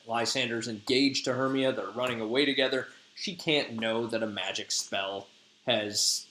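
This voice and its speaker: A man's voice: medium pitch, a bit bright. A man in his thirties, a teacher retelling a play in chatty, jokey, slangy talk. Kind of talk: casual lesson retelling a play. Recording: echoey room.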